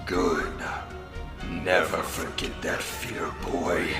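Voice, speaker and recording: Guy doing a super deep slow death spirit, bossy and menacing, music under it. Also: level tone. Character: ancient commanding male death spirit, the Runekeeper.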